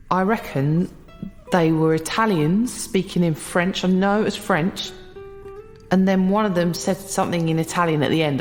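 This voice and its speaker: A British woman chatting casually as a player at a tabletop game. She swears easily, and her voice sits on the low side for a woman. Faint music runs behind her. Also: a little mellow, big-room sound.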